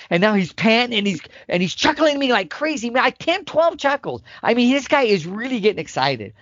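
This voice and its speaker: A man explaining elk calling tactics in casual podcast talk, emphatic and animated, sometimes acting out the calls. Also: on the high side, no echo, highs cut off. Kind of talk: instructional podcast chat.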